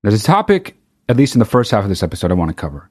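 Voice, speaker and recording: A man's voice: fairly low pitch, huge pitch swings, rapid-fire. A man hosting a solo podcast, ranting in a heated, profane way and often restarting his sentences. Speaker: podcast host. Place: very hot recording space.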